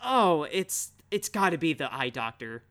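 A man's voice: fairly high pitch, big pitch swings, measured pace, fairly bright tone, clean tone. A young man co-hosting a casual podcast about films, rambling with lots of "like" fillers and easy laughs. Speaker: podcast co-host. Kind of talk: casual film discussion.

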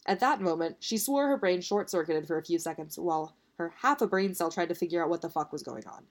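A woman's voice: lowish voice, a little fast, darkish tone. A woman reading a story aloud in a casual, unpolished way. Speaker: narrator.

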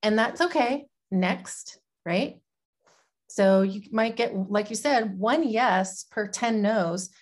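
A woman's voice: mid-range voice, slow pace. A woman guest in a casual interview, talking about her small business in a plain, matter-of-fact way.

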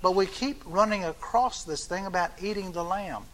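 A man's voice: high voice, normal speed, fairly bright tone, slight background noise. An older man preaching a sermon, reading scripture aloud and then explaining it in plain talk with frequent restarts.

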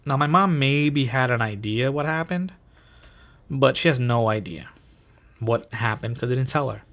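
A man hosting a podcast, telling stories in a casual, animated and profane way full of slang. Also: medium pitch, normal speed. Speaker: podcast host. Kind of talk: casual storytelling.

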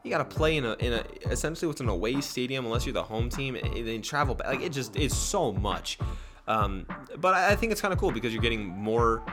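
A young man hosting a solo sports podcast, rambling, correcting himself often and jumping up in pitch when excited. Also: fairly quick, music in the background. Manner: rambling, self-correcting, animated with pitch jumps.

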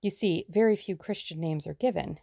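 A woman voicing a lively, impatient young woman sleuth in an audiobook, brisk and plucky. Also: on the low side, gravelly, no room sound, studio quality. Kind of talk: audiobook character reading.

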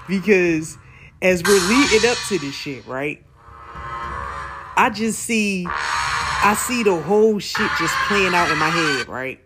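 A man's voice: high voice, lively intonation, takes it slowly, pauses often, loud music behind the voice. A man hosting a podcast, recapping a TV episode in a casual, slangy, profane way, laughing often and acting out his own reactions. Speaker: podcast host.

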